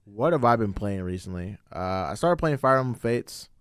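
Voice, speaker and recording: A young man in relaxed podcast chat, hesitant and full of fillers. He brightens into lively bursts when a topic excites him. His voice is mid-pitched and sits dry and close. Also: moderate pace, no room sound. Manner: hesitant with many ums, turns animated when excited. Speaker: podcast co-host. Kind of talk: casual chat.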